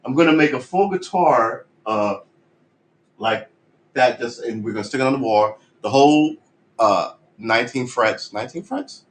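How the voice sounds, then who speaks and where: A man's voice: medium pitch, moderate pace, low-quality recording. A man live-streaming his guitar practice, chatting in a rambling, jokey, self-mocking way. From United States. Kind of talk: casual live-stream chat.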